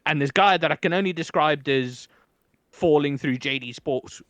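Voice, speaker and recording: A man's voice: a little high, moderate pace, fairly bright tone, no room sound. A man from England co-hosting a podcast, telling stories in casual chat with lots of swearing and acted-out quotes. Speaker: podcast co-host.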